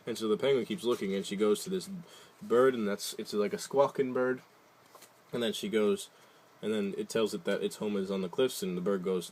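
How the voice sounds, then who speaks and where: A man's voice: lowish voice, normal speed, darkish tone. A man casually reading a picture book aloud, adding wry, jokey asides and loosely retelling the story. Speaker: reader.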